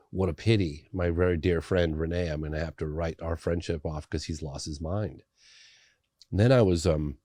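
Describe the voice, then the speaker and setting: A man's voice: low-pitched, a little mellow, no echo, studio quality. A middle-aged man from England, a documentary filmmaker telling his story in a casual interview, acting out the people he quotes. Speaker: documentary filmmaker, podcast guest.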